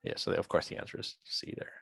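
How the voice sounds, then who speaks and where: A man's voice: quick pace, fairly bright tone, no room sound. A man lecturing on biology in an online class, working through quiz questions and thinking aloud in a chatty way.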